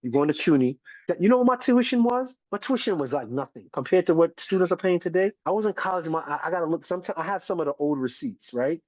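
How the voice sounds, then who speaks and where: A man's voice: high-pitched, animated, quick pace, hardly any pauses, darkish tone, no room sound. A man in his forties from the United States, a community educator speaking passionately in an interview and often checking in with "right?". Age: 40s. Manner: emphatic, preachy, keeps tagging "right?". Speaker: podcast guest, community educator. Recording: dull, dry lo-fi recording.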